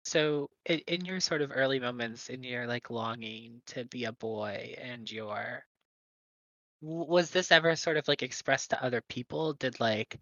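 Hesitant bright voice, muffled lo-fi. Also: mid-range voice, no echo. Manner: halting, hesitant questions with many restarts. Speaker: co-host. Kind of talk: casual conversation.

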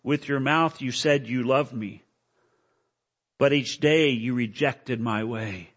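A male preacher voicing Jesus as a calm, sorrowful grown man who speaks quietly and gravely. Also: mid-range voice, takes it slowly.

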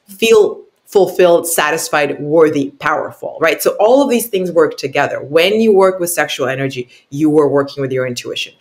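A woman speaking as an intuitive coach in an interview, earnest and emphatic, often pausing to ask "right?" and repeating words as she searches for them. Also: deep voice. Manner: keeps adding "right?" tag questions.

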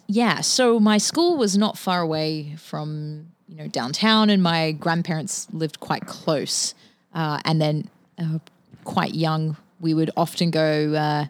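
A woman's voice: low-pitched, no room sound. A young Australian woman chatting casually as a podcast guest, laughing easily. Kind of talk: casual chat.

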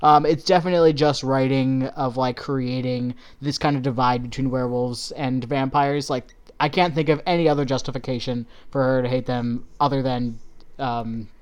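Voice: medium pitch, fairly even intonation, normal speed, smooth. A podcast co-host in casual chat, giving wry, analytical comments on a movie's writing.

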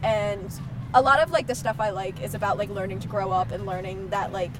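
A woman's voice: medium pitch, fairly even intonation, fairly quick, noisy background. A nineteen-year-old woman guesting on a podcast, talking with gushing enthusiasm and lots of "like". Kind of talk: casual podcast chat.

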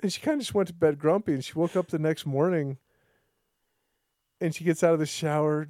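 A man hosting a podcast, talking in a loose, rambling way and often restarting his sentences. His voice is slightly high for a man but warm and mellow. When he quotes other people he jumps in pitch. The sound is dry and close. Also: brisk, long pauses, no room sound. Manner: acts out quoted dialogue with lively pitch jumps. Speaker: podcast host. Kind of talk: casual podcast chat.

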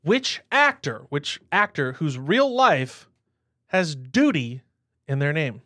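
A man's voice: on the high side, big pitch swings, takes it slowly, fairly bright tone, no echo, clean studio sound. A man co-hosting a podcast in casual chat, playful and laughing often, sometimes trailing off while he thinks. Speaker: podcast co-host.

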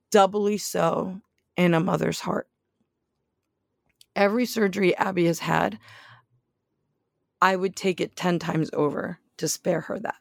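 A woman's voice: fairly high pitch, vocal fry, no echo, clean studio sound. A woman preaching a sermon in an earnest, pleading way that builds to emphatic questions.

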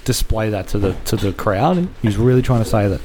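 A man with a lowish, mellow voice talks through his football opinions in long, earnest runs full of restarts. It is loose chat between friends. A faint hiss sits behind him. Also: expressive, a little fast. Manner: earnest, rambling, many restarts and fillers.

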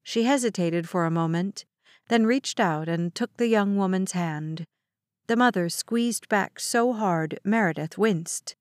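A woman giving measured, expressive scripted narration of a thriller audiobook. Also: medium pitch, no room sound, clean studio sound.

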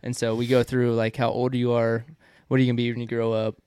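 A man's voice: mid-range voice, monotone, fast talker, a little mellow, smooth, dry recording, studio quality. A man from the American Midwest co-hosting a podcast, rambling in casual chat with lots of fillers and laughs. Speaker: podcast co-host.

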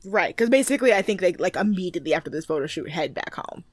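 Animated chatty woman podcast co-host. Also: fairly low pitch, quick pace, no echo. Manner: chatty, animated impressions of cast members. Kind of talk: casual chat recapping a TV show.

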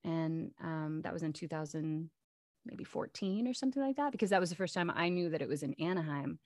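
Give me a woman with a low-pitched voice, chatting as a guest in an interview. She is animated and full of fillers and restarts, and the recording is dry and close. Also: fairly quick, no echo. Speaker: voice actress guest. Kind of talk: casual interview chat.

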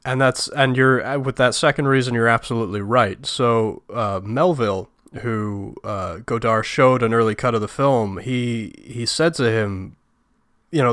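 A man's voice: mid-range voice, measured pace, a bit bright, no room sound, clean studio sound. A man co-hosting a film review podcast, talking bluntly with a sarcastic edge. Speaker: podcast co-host. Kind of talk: casual film review chat.

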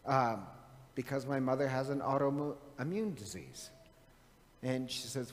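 A middle-aged man preaching a conversational sermon as a priest, animated and chatty, often asking his listeners questions. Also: medium pitch, a little slow. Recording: long reverb of a large hall.

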